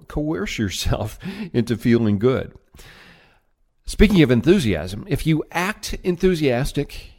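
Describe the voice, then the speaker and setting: A middle-aged man giving an energetic, emphatic motivational talk on sales, as a trainer. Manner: energetic, emphatic, varies pitch widely.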